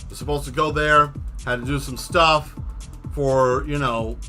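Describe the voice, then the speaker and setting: A man hosting a casual stream, telling a long exasperated story with plenty of swearing and animated asides. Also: mid-range voice, unhurried, soft background music. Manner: exasperated, profane, animated retelling. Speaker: host.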